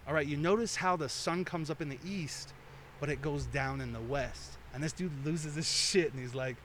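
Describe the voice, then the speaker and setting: A man's voice: fairly high pitch, normal speed, fairly bright tone, slight background noise. A man telling long, profane anecdotes as a podcast guest, slipping into quoted voices. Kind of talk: casual podcast storytelling. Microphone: headphones and studio mic.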